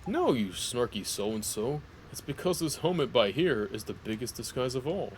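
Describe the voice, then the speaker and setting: A man's voice: mid-range voice, very animated, normal speed, slight background noise, close to an everyday voice. A man voicing a cheeky, boastful little male fairy sidekick who talks bluntly in slang, reading game dialogue aloud.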